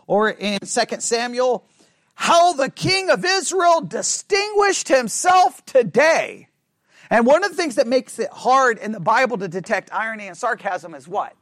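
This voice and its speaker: A middle-aged man teaching a Bible study class, chatty, asking the class questions and acting out sarcastic quotes in a low mumble. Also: animated, normal speed, fairly bright tone, dry recording, studio quality.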